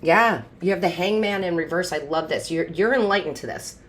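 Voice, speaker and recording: Casting: low-pitched woman, tarot reader, chatty and upbeat, talking straight to viewers, big swings in pitch. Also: fairly quick, slight background noise. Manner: lively swings in pitch and loudness. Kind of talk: intuitive tarot reading to camera.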